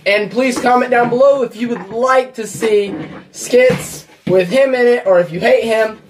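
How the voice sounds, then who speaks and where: A man's voice: very high-pitched, unhurried, slight background noise. A young man co-hosting a comedy channel, chatting goofily to camera with rambling, jokey asides. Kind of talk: goofy casual chat to camera.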